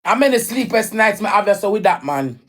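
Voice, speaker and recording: A woman's voice: medium pitch, expressive, brisk. A Jamaican woman telling an emotional personal story in a raw, emphatic way, often repeating her lines. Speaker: livestreamer.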